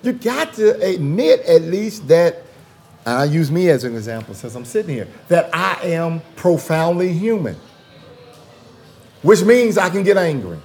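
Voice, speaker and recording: A man's voice: fairly high pitch, sing-song, a little slow, a little mellow, soft background music. A man, a theologian guest in a conversational interview, talking emphatically and repeating phrases for rhythm.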